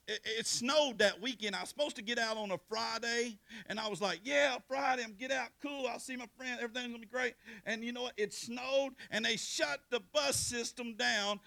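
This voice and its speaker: A man preaching a testimony, calling out to listeners by name and swinging from loud preaching to hushed storytelling. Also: extremely high pitch, gravelly. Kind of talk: sermon testimony.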